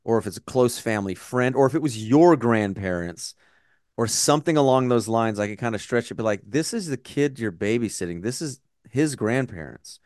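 A man co-hosting a casual movie review podcast, ranting and swearing with animated exasperation. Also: mid-range voice, a little fast, no room sound, clean studio sound. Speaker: podcast co-host.

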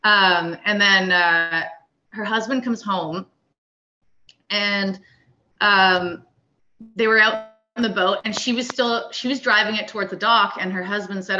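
Bright-voiced woman telling a story. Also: medium pitch, measured pace, lo-fi sound. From Canada. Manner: animated, acts out quoted dialogue. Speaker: guest, wakeboard coach. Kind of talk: casual storytelling interview.

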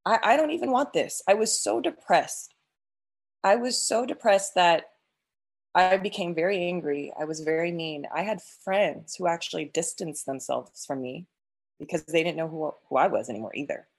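A woman's voice: on the low side, normal speed, gravelly, breathy edge. A woman sharing an emotional personal faith testimony, earnest, with frequent restarts and quoted prayers.

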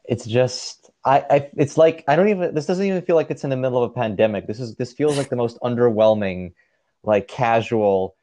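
A man's voice: mid-range voice, a little fast, warm tone. A man co-hosting a casual podcast chat, trading dry, sarcastic jokes about ads. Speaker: podcast co-host.

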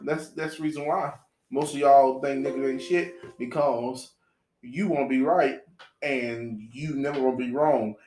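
A man in a casual podcast chat, making his points slowly and deliberately, like a preacher. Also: medium pitch, fairly even intonation, darkish tone. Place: apartment room. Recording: echoey room.

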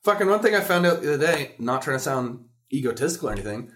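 A man's voice: mid-range voice, fast. A young man co-hosting a podcast, telling stories with lots of swearing and quoted voices. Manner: animated storyteller, swears freely, quotes others in voices. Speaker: podcast co-host. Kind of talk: casual chat.

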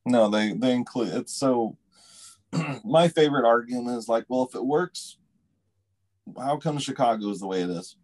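Male co-host, mid-pitched voice, short blunt emphatic interjections in casual chat. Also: moderate pace, pauses often, darkish tone.

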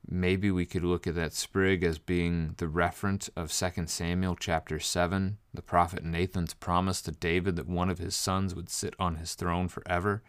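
A man with a very low, deep voice delivers a teaching sermon, walking through scripture and stressing key phrases. He reads verses slowly and then explains them plainly. The sound is close and dry, with no room around it. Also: flat delivery, clear, resonant tone, no echo. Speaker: preacher. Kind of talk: bible study sermon.

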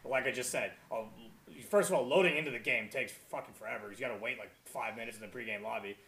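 Fast-talking, rambling male podcast host. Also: mid-range voice, gravelly, bright, forceful tone. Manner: rambling, filler-heavy, swears casually. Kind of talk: casual podcast chat.

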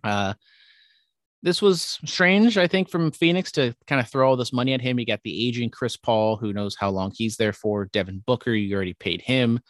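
A man's voice: mid-range voice, normal speed, no room sound, clean studio sound. A young man co-hosting a casual podcast, rambling through sports opinions and teasing his co-host. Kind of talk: casual chat.

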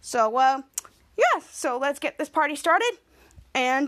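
Young woman, high voice, pumped-up podcast recap, acts out quotes. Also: slow pace. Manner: energetic, acts out quoted lines with rising pitch. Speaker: podcast host. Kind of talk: excited TV episode recap.

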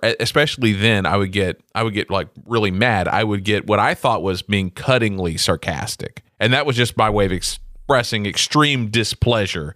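Middle-aged male co-host, animated storyteller with a wide-ranging voice, dry studio sound. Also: lowish voice, no room sound. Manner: animated storyteller, acts out quotes, laughs often. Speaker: podcast co-host. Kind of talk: casual chat.

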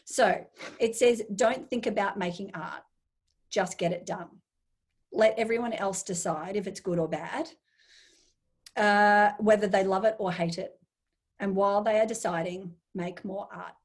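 A woman with a husky, slightly breathy voice talks through a relaxed interview. She speaks with enthusiasm and slips into little acted-out asides of her own thoughts. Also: medium pitch, a little slow. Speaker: guest. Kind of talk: casual interview chat.

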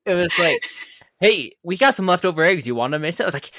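A man's voice: high-pitched, animated, fast talker, fairly bright tone, dry recording, clean studio sound. A man joking with friends in a casual chat, playfully acting out what people said. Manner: playful, acts out voices.

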